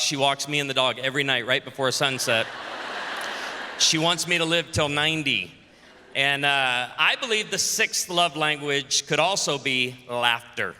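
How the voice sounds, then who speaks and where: A pastor in his forties from Illinois gives a humorous sermon at a women's conference, joking punchily and calling out to the audience. His voice is fairly high and sharp. The large convention hall sounds echoey, with faint ambience.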